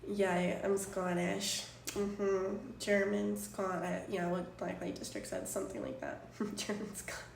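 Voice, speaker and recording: A woman's voice: medium pitch, unhurried, gravelly, few pauses. Young woman rambling on a distant mic. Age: 20s. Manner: rambling, filler-heavy storytelling. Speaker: streamer. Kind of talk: casual chat. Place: apartment room. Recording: roomy distant mic, faint room noise.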